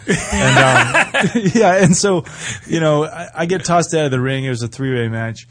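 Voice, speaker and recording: A man's voice: on the high side, animated, moderate pace, a bit bright, slight background noise. Profane, rambling man telling a story. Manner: rambling, profane, laughs often. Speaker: guest, professional wrestler. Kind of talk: casual storytelling interview.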